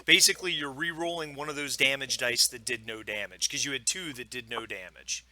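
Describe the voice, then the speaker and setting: A man running a tabletop game as game master, with a very bright, sharp voice. He narrates and walks players through the rules in a loose, easygoing way full of "uh" and "you know". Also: mid-range voice, brisk. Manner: relaxed, explains rules with many fillers.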